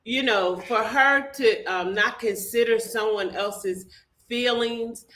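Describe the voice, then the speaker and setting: A woman's voice: on the high side, slow pace. Firm plainspoken woman co-host. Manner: firm, steady, plainspoken opinions. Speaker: co-host, the host's mother. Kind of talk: casual live review chat.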